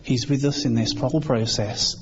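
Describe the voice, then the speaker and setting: A man's voice: mid-range voice, fairly even intonation, normal speed. A British man giving an informal, earnest sermon in a conversational way, acting out quoted voices now and then. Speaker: preacher. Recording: slightly dull, faint background hiss.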